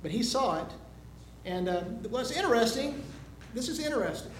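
A high-pitched man delivers a sermon, telling a homely story before rising into loud, emphatic preaching. His voice rings in an echoey room with a faint hiss of noise behind it. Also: lively intonation, moderate pace.

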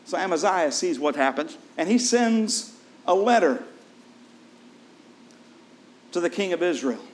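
Male preacher, pitch a touch high, animated storyteller who leans on questions to the congregation. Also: moderate pace. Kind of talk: sermon.

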